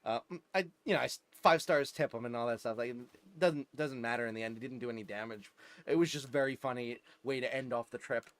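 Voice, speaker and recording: A man's voice: medium pitch, quick pace, a bit bright. A man in his twenties with a New Jersey accent, chatting casually on a live game stream, rambling and chuckling, with lots of fillers and restarts. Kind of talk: casual live-stream chat while gaming.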